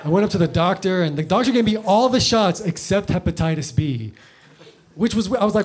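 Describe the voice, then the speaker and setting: A man doing stand-up comedy in a live club, animated and slangy, on a stage mic. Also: sits high, brisk. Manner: animated, slangy, lots of "like" and "bro".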